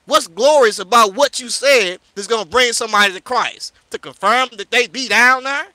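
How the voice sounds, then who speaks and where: A high, piercing male voice, recorded dry and close with no room sound. He is a preacher from St. Louis, berating someone in a heated, confrontational rant with lots of repetition. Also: normal speed, hardly any pauses, pushed and bright, dry recording. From St. Louis, USA. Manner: confrontational and scolding, repeats "yo" and "you know what I'm saying". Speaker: street preacher hosting a live discussion.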